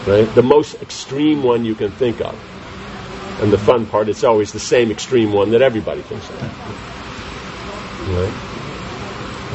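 A man's voice: medium pitch, darkish tone, lo-fi sound, slight background noise. A man giving a scripture class, reading commentary aloud and explaining it with questions to his listeners. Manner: reads commentary then explains with rhetorical questions to the audience. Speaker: spiritual teacher.

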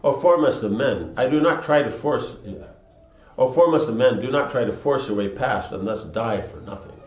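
A man voicing a lazy, ancient male monkey in a story he reads aloud, speaking in a slow, lofty and measured way. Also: medium pitch, roomy sound, voice pushed up, lightly acted, rough recording.

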